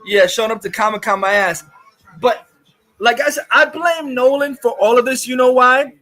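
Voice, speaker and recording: A man's voice: very high voice, normal speed, sharp tone. A man hosting a livestream, ranting angrily and profanely and reading chat comments aloud. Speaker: livestream host. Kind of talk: angry livestream rant.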